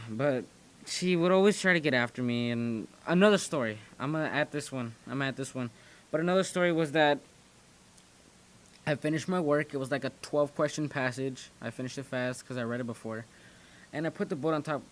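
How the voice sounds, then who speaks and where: A teenage boy talks straight to his viewers about his school days. He rambles and often restarts his sentences, in a voice of middle pitch. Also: brisk. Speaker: channel host. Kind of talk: casual storytelling commentary.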